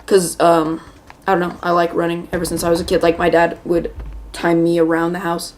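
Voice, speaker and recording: A woman's voice: fairly low pitch, completely flat delivery, brisk, slight background noise. A woman hosting a gaming video, telling a rambling, chatty story while she plays and breaking off to react to the game. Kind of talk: casual storytelling while playing a shooter game.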